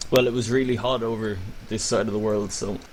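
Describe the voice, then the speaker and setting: Relaxed man joking on a game stream. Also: lowish voice, fairly quick, a little hiss or hum. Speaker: game commentator. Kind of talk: casual game commentary.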